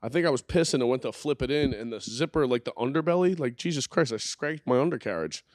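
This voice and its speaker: A man's voice: mid-range voice, animated, quick pace, dry recording, studio quality. A young man hosting a podcast from his living room, rambling and joking crudely in casual banter. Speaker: podcast host.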